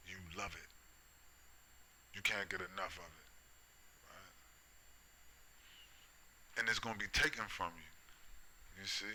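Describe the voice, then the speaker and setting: A man's voice: lowish voice, pushed and bright, a little hiss or hum, low-quality recording. A middle-aged man delivering a preachy, profane rant, full of repetition and tag questions. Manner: profane, repetitive, keeps asking "right?" and "you see?". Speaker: vlogger. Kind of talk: preachy ranting monologue.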